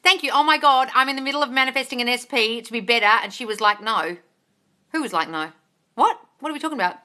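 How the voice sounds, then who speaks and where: Gushing, high bright-voiced woman coach. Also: very fast. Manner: gushing and excitable, calls listeners darling, swears freely. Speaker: manifesting coach and host. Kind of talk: casual live-stream Q&A, reading viewer comments.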